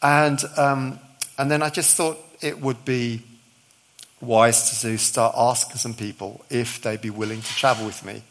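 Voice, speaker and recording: A man's voice: medium pitch, steady tone, unhurried, fairly bright tone. A middle-aged male visiting preacher giving a sermon, telling a story with acted-out dialogue and touches of humour.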